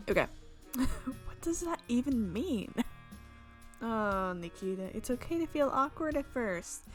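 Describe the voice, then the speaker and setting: A woman's voice: a little high, sing-song, moderate pace, faint music behind. A young woman, a gaming YouTuber, playfully reading a visual novel aloud and giving each character a voice.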